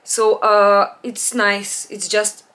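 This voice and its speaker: A woman's voice: level tone, takes it slowly. Rambling woman chatting about perfumes. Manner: rambling, with restarts and trailing off to a low, quiet voice. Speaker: beauty vlogger. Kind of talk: casual perfume haul chat. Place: home, natural light.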